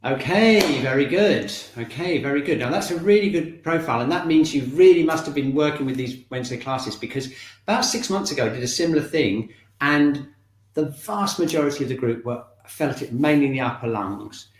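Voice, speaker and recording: A man teaching a shiatsu and qigong class, giving calm, encouraging step-by-step instructions. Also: on the high side, a little fast, recorded from a distance. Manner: calm, encouraging instructions, often checking in with "okay". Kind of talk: guiding an online movement class. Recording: very echoey room, voice off-mic.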